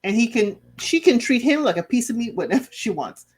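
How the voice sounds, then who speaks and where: A woman's voice: fairly high pitch, very animated, a little fast, breathy edge. A middle-aged woman hosting a casual TV recap, sassy and chatty, laughing often and talking back to the people on screen. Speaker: recap channel host.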